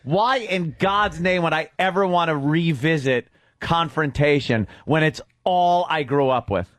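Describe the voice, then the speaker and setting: A man's voice: a little high, a little slow, a bit bright, no room sound. A man co-hosting a radio talk show, speaking bluntly and wryly into a studio microphone.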